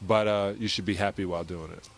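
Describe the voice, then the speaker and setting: A middle-aged man giving a casual interview at an event, chatty and quick to laugh, telling stories with quoted voices. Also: sits low, fairly even intonation. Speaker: interview guest.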